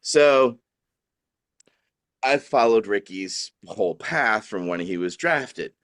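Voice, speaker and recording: Animated man telling a story, dry sound. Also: slow pace, dry recording. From New Orleans. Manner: animated, acts out quotes in high voices. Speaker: guest, dispensary owner. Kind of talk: casual storytelling.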